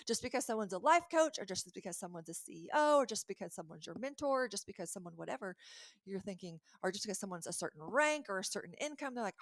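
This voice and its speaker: A woman's voice: mid-range voice, fast, dry recording. Earnest woman life coach, dry sound. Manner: earnest, self-correcting, animated. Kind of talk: motivational faith-based coaching talk.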